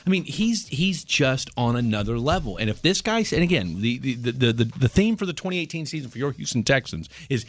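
Animated rambling male sports radio host. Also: medium pitch, a little fast, hardly any pauses. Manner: animated, rambling, many restarts.

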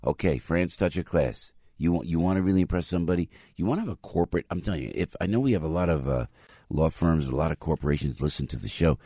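A man's voice: sits low, fast talker, mellow, breathy edge, dry recording, studio quality. A man hosting a morning talk radio show, chatty and full of restarts as he reads live ads.

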